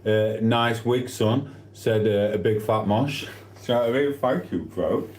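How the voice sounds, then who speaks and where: Man for a casual live-stream, low-ish voice, chatty and relaxed, roomy echo. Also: measured pace. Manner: chatty, reads out viewer comments while eating. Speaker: livestreamer. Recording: echoey room.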